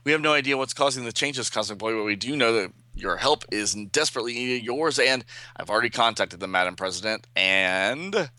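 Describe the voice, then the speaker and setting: A man reading a comic book aloud on a podcast, giving the dialogue quick, light voices and adding his own asides. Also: mid-range voice, expressive, sharp tone, no room sound.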